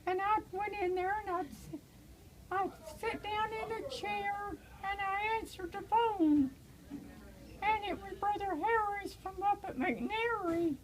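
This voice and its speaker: An older woman, an evangelist, telling her personal testimony in a halting way with many pauses and fillers, turning tearful in places. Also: very high-pitched, slight background noise, low-quality recording.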